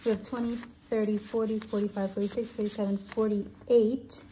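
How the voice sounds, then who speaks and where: A woman in her twenties, a budgeting channel host, counting cash aloud and thinking out loud as she sorts it. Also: medium pitch, normal speed, slight background noise. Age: 20s. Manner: counts bills aloud in steady runs; thinks aloud, with soft hesitations.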